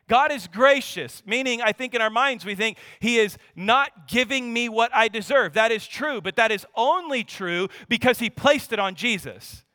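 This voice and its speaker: A man's voice: very high-pitched, sharp tone, no echo, in a large hall. A man in his thirties preaching a sermon in an earnest, emphatic, conversational way.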